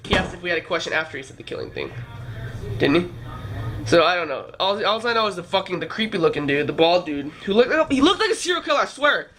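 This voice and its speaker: A man's voice: sits high, big pitch swings, fast, bright, forceful tone. A young man vlogging, telling a rambling, profane story full of fillers. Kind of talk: casual storytelling. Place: California trip, downtown L A.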